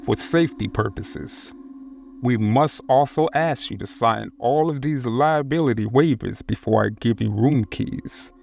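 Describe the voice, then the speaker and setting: A man voicing a large, formal male resort concierge who speaks slowly and politely in a spoken horror story. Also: medium pitch, vocal fry, a little mellow, slight background noise. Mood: warning. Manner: slow, formal, measured.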